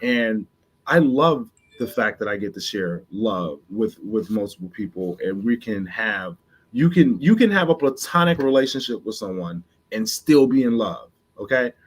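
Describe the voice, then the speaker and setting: Husky-voiced love coach, emphatic. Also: male voice, on the low side, sing-song, moderate pace. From Chicago, US Midwest. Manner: emphatic, repeats and restarts phrases, coaxes the listener. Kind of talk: podcast interview talk.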